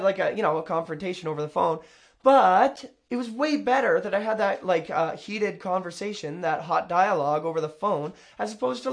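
A man with a higher-than-usual voice talks over a clip in a loose, rambling way. He interrupts himself, backtracks and drops sarcastic asides. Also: vocal fry. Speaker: commentator reacting to a video. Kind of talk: casual reaction commentary.

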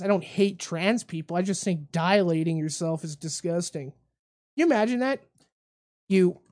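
A woman's voice: fairly low pitch, darkish tone. Brash rambling woman radio host. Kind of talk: comedic talk radio rant.

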